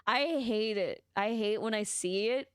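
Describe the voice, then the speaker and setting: A woman's voice: mid-range voice, measured pace, smooth, no room sound, clean studio sound. A woman streaming a video game, chatting casually and rambling with lots of giggles. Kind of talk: casual chat while playing a video game. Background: game music.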